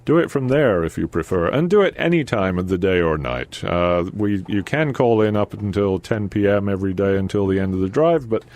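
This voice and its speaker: A man's voice: fairly low pitch, animated, brisk, hardly any pauses, a little mellow. A man co-hosting a community radio call-in show, chatting playfully through a pledge drive and asking for donations. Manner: playful, slips into mock accents. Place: radio studio.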